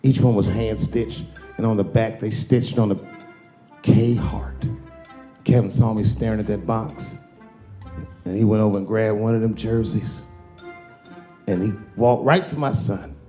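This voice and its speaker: A man's voice: on the low side, unhurried, pauses often, echoey room, faint music behind. A man telling a long, profane stand-up story, acting out the people in it. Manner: profane, animated, acts out characters. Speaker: stand-up comedian.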